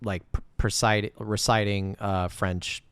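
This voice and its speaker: A man co-hosting a casual movie review podcast, agreeable and quick to laugh as he recaps scenes. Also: on the low side, little pitch movement, fairly bright tone, smooth, no echo. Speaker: podcast co-host.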